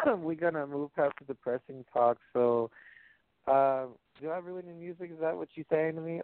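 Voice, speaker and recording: A man's voice: a little high, moderate pace, no echo. Man rambling over a tinny line. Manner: rambling, filler-heavy, jokey. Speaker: podcast host. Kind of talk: casual rambling chat. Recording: dry, tinny phone-like sound.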